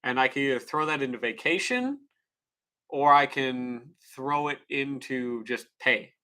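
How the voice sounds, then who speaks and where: Man, livestream chat, bright forceful voice, profane, rambling, frank. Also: medium pitch, a little slow.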